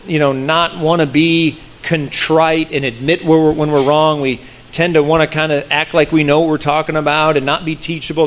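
A man preaching a sermon in an earnest, conversational way, often restarting phrases and slowing down to stress key words. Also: fairly high pitch. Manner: earnest, with frequent restarts and slowed emphasis. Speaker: pastor.

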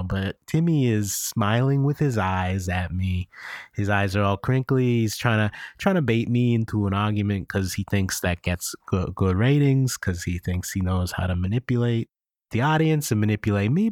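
A man's voice: on the low side, darkish tone, dry recording, clean studio sound. A man co-hosting an improvised comedy podcast, rambling and restarting his sentences in mock-defensive banter. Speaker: podcast co-host. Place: studio.

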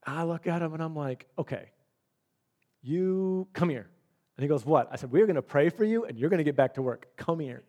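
A middle-aged man delivers a sermon in an animated storytelling style. He acts out the voices of the people in his stories, and his voice sits slightly high for a man. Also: fairly quick, lo-fi sound. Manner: animated storyteller acting out quoted dialogue. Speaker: pastor.

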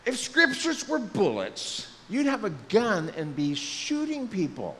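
A man preaches in a high, bouncing voice that leaps up and down as he jokes and acts out little scenes from scripture. His words ring through a church with a long hall echo. A faint hum sits underneath. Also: unhurried, few pauses. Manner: lively, joking, acts out quotes in voices. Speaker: pastor. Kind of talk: sermon. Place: church sanctuary.

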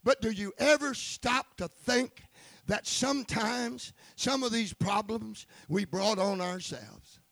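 A male preacher with a very high, gravelly voice and a bright, forceful edge, delivering a fervent sermon. He swings between quiet asides and shouting and calls out for amens. The sound is close and dry. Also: expressive, takes it slowly, no echo.

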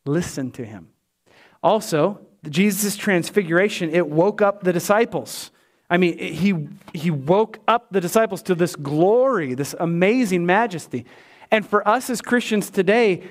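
High-voiced man preaching a sermon. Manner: animated preaching, swings between loud and hushed. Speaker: pastor.

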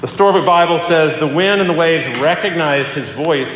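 A man preaching a sermon as a pastor, talking in a conversational, animated way as he tells a story and acts out the quotes. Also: on the high side, moderate pace, slight background noise. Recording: echoey hall with long reverb.

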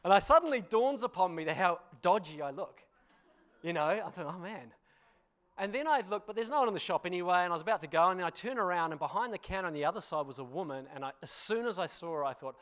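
A male pastor, preaching a sermon through animated, self-deprecating storytelling, often laughing and checking in with the congregation. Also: on the high side, fast. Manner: addresses congregation with frequent "you know" and "hmm?".

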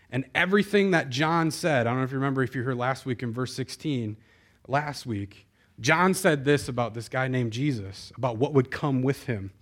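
A man preaching a sermon as pastor, talking conversationally and speaking directly to the congregation. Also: mid-range voice. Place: church before a live congregation.

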